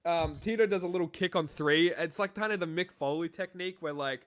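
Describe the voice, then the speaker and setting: A man's voice: on the high side, a little fast, fairly bright tone. A young man co-hosting a wrestling review podcast, rambling and swearing in casual chat. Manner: profane, rambling, jokey. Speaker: podcast co-host.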